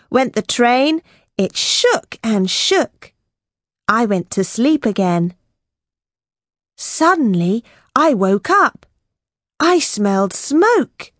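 Slow, expressive woman reading a story. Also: on the high side, dry recording, studio quality. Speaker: textbook audio narrator. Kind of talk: scripted storybook narration for English learners.

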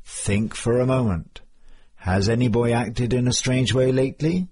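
A man's voice: mid-range voice, a little slow, darkish tone, slightly rough, voice pushed up. A man voicing a stern male police sergeant who delivers emphatic warnings.

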